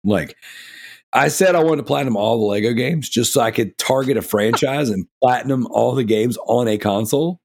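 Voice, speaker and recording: A man's voice: mid-range voice, a little fast, a little mellow. A man co-hosting a casual gaming podcast, rambling and enthusiastic, with many fillers like "you know" and "like". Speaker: podcast co-host.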